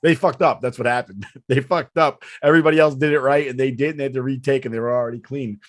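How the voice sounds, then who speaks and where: A man's voice: mid-range voice, steady tone, fast, dry recording, studio quality. Profane, rambling male podcast host. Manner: rambling, profane, laughs often. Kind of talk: casual podcast chat.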